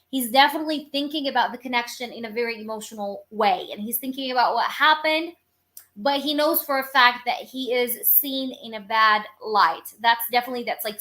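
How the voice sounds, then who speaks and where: A woman's voice: on the high side, fairly bright tone. A woman reading tarot cards live for her viewers, talking in a chatty, rambling, informal way and cursing casually. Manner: rambling, with many filler phrases. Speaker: tarot reader.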